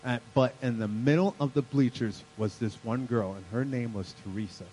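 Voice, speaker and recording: A man delivers a sermon in a church in a middle-pitched voice. He shifts from rising, emphatic points to a quieter storytelling tone. A faint hum sits under the recording. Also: moderate pace, poor audio. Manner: preaching, loud and rising in early points, then quiet storytelling. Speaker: pastor. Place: church sanctuary.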